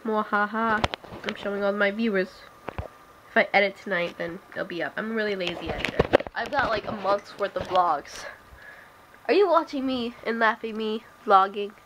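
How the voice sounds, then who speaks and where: A woman's voice: medium pitch, moderate pace. A teenage girl rambling and giggling through a casual home vlog, self-deprecating and chatty. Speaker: vlogger. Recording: noisy old home video camera.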